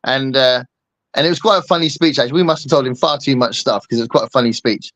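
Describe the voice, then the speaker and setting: A man's voice: mid-range voice, fast talker, fairly bright tone, no echo. A man hosting a casual chat, rambling and joking with lots of fillers. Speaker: host.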